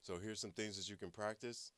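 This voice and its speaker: A man's voice: lowish voice, fairly even intonation, brisk, a bit bright, smooth, no echo. A man teaching a language class, patiently explaining and repeating words for practice. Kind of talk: online language lesson.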